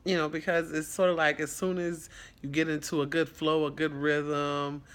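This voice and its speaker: A man's voice: on the high side, level tone, normal speed, a bit bright, clean tone. A man who is a foster parent, talking in an earnest, reflective and rambling way in a casual vlog.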